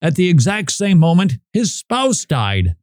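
A man's voice: a little high, wildly swooping pitch, a little slow, darkish tone, no echo, studio quality. A man hosting a Christian talk radio show, speaking emphatically and often repeating himself. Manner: emphatic, repeats phrases, restarts mid-sentence.

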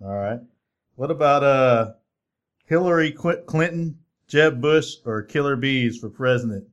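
A man hosting a casual interview, relaxed and slangy, laughing along with his guest. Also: medium pitch, measured pace, dull audio. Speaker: podcast host.

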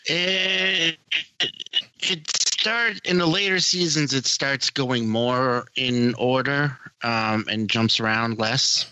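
A man in casual chat who starts hesitantly, then talks quickly. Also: medium pitch, bright, forceful tone, clean tone, dry recording, poor audio.

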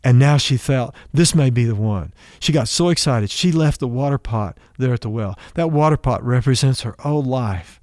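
A man's voice: mid-range voice, normal speed, hardly any pauses, a little mellow, dry recording, clean studio sound. Folksy male preacher retelling a story.

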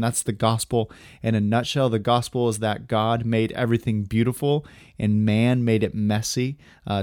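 Man, podcast host, low voice, dry close sound, earnest and casual, lots of ums. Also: a little mellow, no echo. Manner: earnest, casual, many fillers, gets choked up. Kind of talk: heartfelt personal talk.

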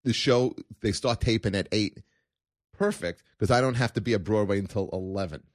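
A stand-up comedian with a somewhat low voice spins a story in casual, animated fashion. He leans hard on his points and keeps tossing in "okay?" to pull the listener along. The sound is close and dry, with no room in it. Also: moderate pace, no room sound.

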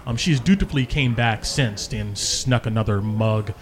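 A man's voice: fairly low pitch, normal speed. A man narrating as game master, casual and full of fillers. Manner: casual, many ums and hedges.

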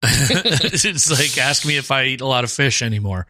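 A man co-hosting a podcast, chatting casually with a friend. His voice is bright and forward, and he jumps into lines from the show in put-on voices. The sound is dry and close. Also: medium pitch, expressive, normal speed, dry recording. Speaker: podcast co-host. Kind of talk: casual chat.

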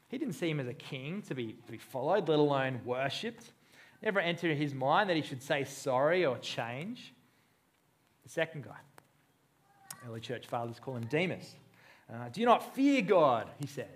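A man's voice: on the high side, expressive, normal speed. A man preaching a sermon in a conversational way, acting out the voices he quotes. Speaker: pastor.

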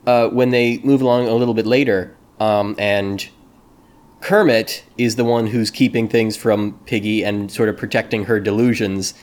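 A man's voice: lowish voice, fairly even intonation, moderate pace, darkish tone. A man hosting a casual podcast discussion, talking in a playful, jokey way. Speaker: podcast host.

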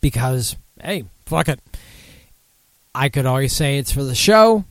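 A man's voice: mid-range voice, big pitch swings, measured pace, no echo. A drunk man hosting a casual beer talk show, rambling, swearing and losing his thread. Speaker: podcast host.

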